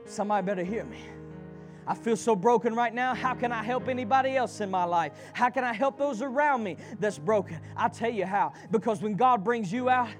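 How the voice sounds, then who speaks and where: A man with a very high voice delivers a sermon, calling on the congregation to answer him back. He swings between loud shouted lines and low, hushed passages, with faint music under his voice. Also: brisk, few pauses. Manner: call-and-response preaching, swinging from shouts to low murmurs. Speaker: preacher.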